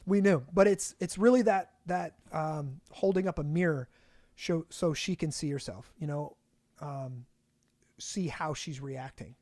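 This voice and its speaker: Higher-voiced man, rambling casual chat. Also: unhurried, darkish tone, dry recording. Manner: rambling, many restarts and fillers, laughs often. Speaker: podcast co-host.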